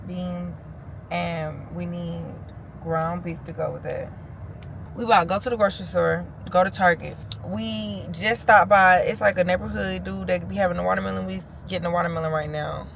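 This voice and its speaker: A woman's voice: fairly low pitch, steady tone, moderate pace, vocal fry, a little hiss or hum. A young woman vlogging in a loose, chatty and informal way, talking straight to her viewers. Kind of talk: casual vlog chat to camera.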